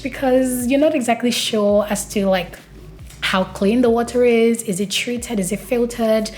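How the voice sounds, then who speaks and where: A woman's voice: a little high, a little slow, darkish tone. A young woman from Nigeria talking casually to camera in a vlog, telling stories and acting out what people said. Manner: chatty storytelling that acts out quoted dialogue. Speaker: vlogger.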